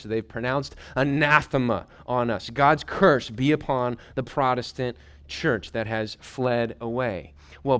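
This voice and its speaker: A male pastor preaches a sermon in an animated, conversational style full of folksy asides, dropping to a hushed whisper whenever he quotes. His voice sits at medium pitch with a clean tone.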